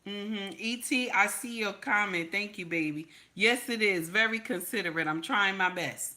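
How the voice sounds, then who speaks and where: A woman's voice: mid-range voice, normal speed, pushed and bright. A woman, giving sassy, repetitive livestream commentary and reading viewer comments aloud. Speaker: commentary streamer.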